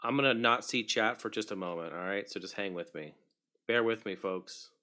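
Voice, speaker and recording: A man's voice: fairly low pitch, normal speed, sharp tone. A man hosting a casual livestream, chatting loosely, greeting viewers by name and muttering to himself while he fixes his setup. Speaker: livestream host.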